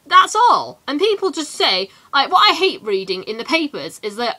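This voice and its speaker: A teenage woman from England ranting in a casual vlog, animated and full of quick asides. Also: high-pitched. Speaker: vlogger.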